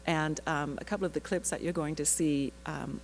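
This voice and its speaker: An actress telling an animated personal story at a panel, laughing often and breaking off into asides. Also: female voice, sits low, moderate pace, slight background noise, low-quality recording. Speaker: actress sharing her research story.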